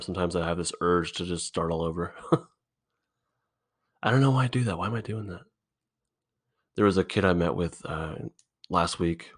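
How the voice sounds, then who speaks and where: A man hosting a solo podcast, thinking out loud in a halting, rambling way, swearing often, recorded in an indoor room. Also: sits low. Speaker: podcast host.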